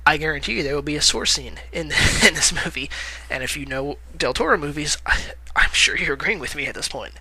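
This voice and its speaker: A man's voice: on the high side, brisk, few pauses, sharp tone, breathy edge, no room sound, rough recording. A man giving casual movie-news commentary in a vlog, rambling with lots of "uh" fillers, correcting himself and chuckling wryly at his own remarks.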